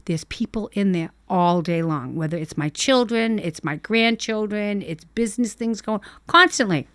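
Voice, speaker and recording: An older woman, a dog owner and podcast guest, telling a family story in a casual, animated way and acting out what people said. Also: medium pitch, moderate pace, no room sound, studio quality. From Boston area. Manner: animated, acts out family members' voices in quotes.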